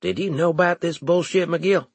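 A man's voice: fairly high pitch, expressive, moderate pace, slightly rough, no room sound, voice pushed up. A man voicing a laid-back, blunt male officer with a wry edge.

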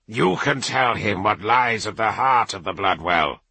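A man voicing a stern, commanding male warrior priest who speaks low, slow and quietly. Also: lively intonation, breathy edge, no echo, exaggerated voice. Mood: grim.

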